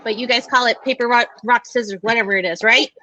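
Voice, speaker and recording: High, bright-voiced tearful woman. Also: fairly even intonation, fast talker, dull audio, slight background noise. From Hawaii. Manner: emotional, on the verge of tears. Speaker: co-host. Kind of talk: casual video chat.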